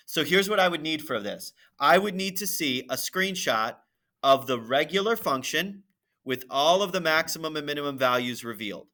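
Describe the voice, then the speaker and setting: A math teacher walking through a graphing problem on screen, thinking aloud and checking in with "right?" and "okay?". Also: male voice, fairly high pitch, expressive, normal speed, pushed and bright. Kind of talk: screen-recorded lesson walkthrough.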